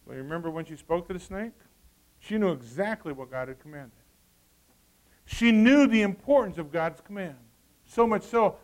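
Man, middle-aged, high voice, preaching, loud then hushed. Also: lively intonation, moderate pace, poor audio. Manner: swings between loud emphasis and quiet asides. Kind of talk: sermon.

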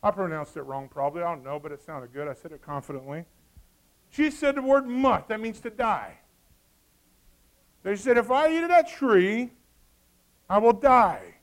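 A man preaching a sermon, lively and folksy, throwing joking asides to the congregation. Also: sits high, moderate pace, long pauses.

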